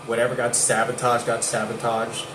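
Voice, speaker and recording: A man talks through a personal account in a loose, rambling way, circling back and repeating himself with insistence. His voice sits at an ordinary pitch for a man and bounces around a hard, echoey room. A steady air-conditioning hum runs underneath. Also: normal speed. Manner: repetitive, restarts sentences, insistent. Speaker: vlogger.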